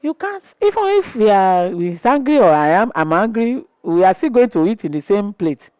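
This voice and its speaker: A woman in her sixties, a wife appearing as an interview guest, tells animated stories about her marriage and acts out what was said. Her mid-range voice is smooth, at normal speed, with no room sound.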